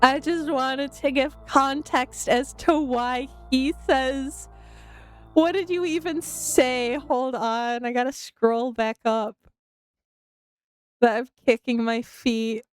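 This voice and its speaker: A woman streamer talks to her live chat in a high, unhurried voice. She keeps breaking into giggles and squeals and is laughing to tears. Faint music plays behind her. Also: fairly even intonation, clean tone, no room sound.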